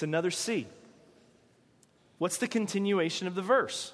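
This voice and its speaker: A man's voice: high-pitched, moderate pace, long reverb tail. A man preaching a sermon in a conversational way, asking his listeners rhetorical questions. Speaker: pastor.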